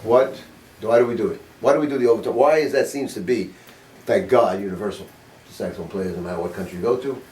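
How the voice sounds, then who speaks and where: A man's voice: lowish voice, quick pace, darkish tone, a little hiss or hum. Blunt older man teaching sax, roomy. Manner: blunt, informal, quizzes the class, swears casually. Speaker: saxophone teacher. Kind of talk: master class teaching. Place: music studio. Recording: roomy sound from a distant mic.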